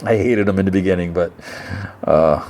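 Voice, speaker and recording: A man's voice: sits low, moderate pace, darkish tone, slight background noise. A man hosting a podcast, casually retelling a TV episode in a rambling way, stumbling and repeating words. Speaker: podcast host.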